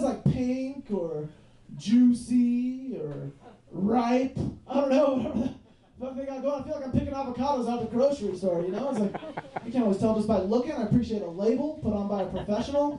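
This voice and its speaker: A man's voice: very high-pitched, animated, fairly quick, warm tone. A man in his twenties doing a loose, rambling stand-up set at a bar, full of "like" and "you know what I mean.". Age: 20s. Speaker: stand-up comedian. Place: bar stage in front of a live audience. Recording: roomy bar recorded from a distance.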